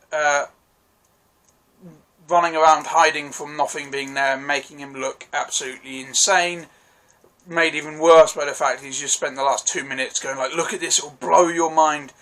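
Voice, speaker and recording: A man's voice: a little high, fairly bright tone, poor audio. A man gives a casual, rambling and enthusiastic spoken review of a TV episode, often correcting himself mid-sentence. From United Kingdom. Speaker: TV review vlogger.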